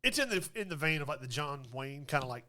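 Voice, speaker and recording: A man's voice: a little high, animated, fast talker, bright, forceful tone. A man co-hosting a podcast, talking in an easygoing casual way with many fillers. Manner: easygoing, lots of "like" and "yeah". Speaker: podcast co-host. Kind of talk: casual chat.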